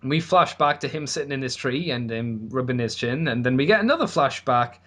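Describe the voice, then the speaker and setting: A man's voice: mid-range voice, animated, a little fast, fairly bright tone. Laid-back man rambling through a recap. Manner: rambling, laughing, swearing, with put-on voices for quotes. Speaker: podcast host recapping an episode. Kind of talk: casual podcast chat.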